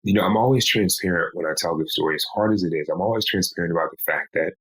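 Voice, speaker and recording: Deep-voiced man telling a personal story. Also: a bit bright, rough recording. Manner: slow, measured telling with pleading quoted lines. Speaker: guest.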